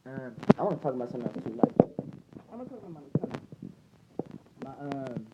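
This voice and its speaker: Young man, casual vlog storytelling, rambling, salty language, mid-pitched voice. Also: very animated, quick pace, dull audio, very noisy. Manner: rambling, profane, retells with "I'm like". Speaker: vlogger.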